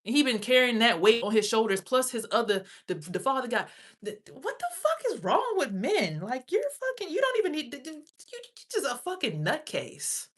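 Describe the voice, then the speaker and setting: A woman's voice: fairly high pitch, very animated, normal speed, breathy edge. A woman streamer in an angry, profane rant, speaking with a confrontational edge. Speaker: livestreamer.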